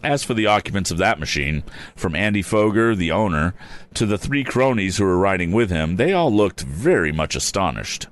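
A man's voice: sits low, very animated, normal speed. A man reading an old adventure story aloud, stopping now and then for wry, chatty asides. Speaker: reader. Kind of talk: casual storybook read-aloud.

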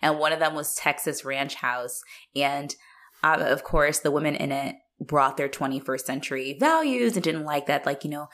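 Casual young woman co-host, deep voice, animated, laughs a lot. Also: normal speed. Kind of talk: casual chat.

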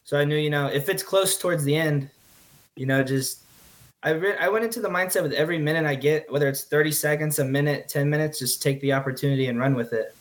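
A young man, a rugby player, answering interview questions in an earnest, halting way. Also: fairly high pitch. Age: young adult. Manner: earnest, halting, repeats words. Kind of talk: casual interview.

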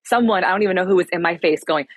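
A young woman, telling an embarrassing story to podcast hosts in an animated, self-deprecating way. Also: lowish voice, racing, husky, no echo. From New England. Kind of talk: casual storytelling.

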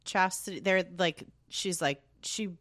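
A woman's voice: on the low side, measured pace, a bit bright, no room sound, studio quality. A woman co-hosting a podcast, recapping a book in crude, joking, rambling casual chat full of fillers. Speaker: podcast co-host.

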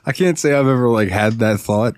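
A man's voice: medium pitch, a little fast, darkish tone, slight background noise. A man hosting a casual podcast, chatty and laughing often, full of "like" and "uh" fillers. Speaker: podcast host.

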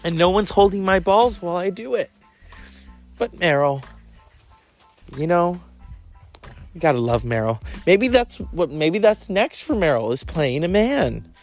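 A man's voice: sits high, sing-song, measured pace, long pauses, faint music behind. A man hosting a podcast, riffing through a profane comic monologue with camp asides. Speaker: podcast host.

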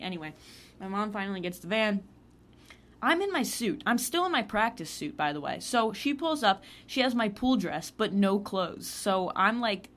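A woman's voice: mid-range voice, expressive, moderate pace, a little hiss or hum. A young woman casually telling a personal story, with lots of "like" fillers. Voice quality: heavy use of "like" as filler. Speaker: vlogger.

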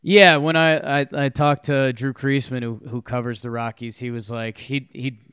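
An easygoing man chats about sports, stumbling over his words and tossing in short agreements. His voice is smooth and clear, recorded dry and close. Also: mid-range voice, level tone, moderate pace, a bit bright, dry recording. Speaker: podcast co-host. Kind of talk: casual sports talk.

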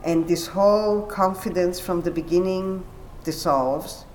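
A woman's voice: fairly low pitch, measured pace, darkish tone, a little hiss or hum, low-quality recording. A woman explaining a story in a thoughtful conversational way. She searches for words, often says "you know", and acts out quoted lines with animation. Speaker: guest speaker on literature.

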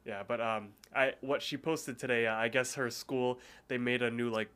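A man's voice: mid-range voice, fairly even intonation, normal speed, a bit bright, smooth. Stuffy-nosed man rambling on a podcast. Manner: rambling, lots of fillers and restarts. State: stuffy nose from a cold. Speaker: podcast co-host. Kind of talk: casual chat.

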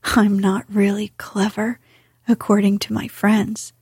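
A woman's voice: medium pitch, level tone, a little slow, darkish tone, slightly rough, dry recording, clean studio sound. A woman voicing a boastful, conceited male toad in a storybook, in whispered role-play. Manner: boastful and sarcastic.

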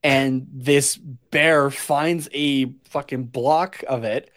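A man's voice: mid-range voice, steady tone, very slow, fairly bright tone. A man co-hosting a casual podcast, rambling, swearing freely and laughing at himself. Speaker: podcast co-host. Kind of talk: casual chat.

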